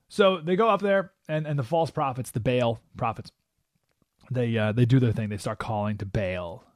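A man's voice: mid-range voice, normal speed, no echo, studio quality. A man hosting a radio talk show, giving an emphatic, opinionated monologue and acting out the voices he quotes. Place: radio studio.

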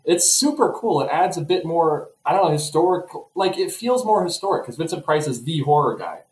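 Man, casual co-host, jokey explainer, slightly high voice, echoey room. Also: fairly quick. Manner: relaxed, jokey, explains details. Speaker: podcast co-host. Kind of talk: casual chat about theme park rides.

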